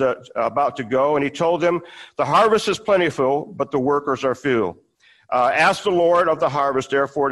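Male pastor, somewhat high-pitched, casual sermon delivery, reads and explains scripture with restarts. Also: a bit bright, low-quality recording.

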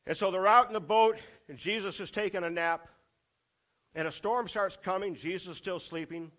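A man's voice: high voice, normal speed, fairly bright tone. A man preaching a sermon, asking the congregation rhetorical questions and driving points home through repetition.

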